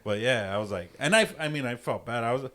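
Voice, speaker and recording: A man's voice: medium pitch, expressive, quick pace, bright, forceful tone. Foul-mouthed man telling a story. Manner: heavy swearing, laughing asides. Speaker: podcast co-host. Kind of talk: casual chat.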